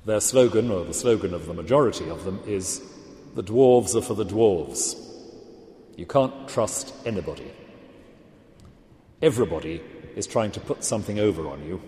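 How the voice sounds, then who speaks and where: A man giving a literature lecture, speaking deliberately and with emphasis. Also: low-pitched, lively intonation, darkish tone, echoey room, in a large hall.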